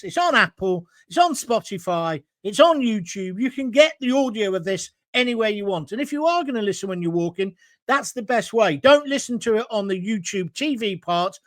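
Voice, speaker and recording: Combative high-voiced man host. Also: no room sound. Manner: combative, emphatic, rising to near shouts. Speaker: host of a live online political show. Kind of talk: opinionated live-stream commentary reading viewer comments.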